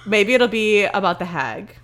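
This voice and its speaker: A woman's voice: mid-range voice, lively intonation, unhurried, crowd noise. A young woman co-hosting a casual podcast, telling a story in a rambling way with many fillers. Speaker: podcast co-host. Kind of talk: casual chat.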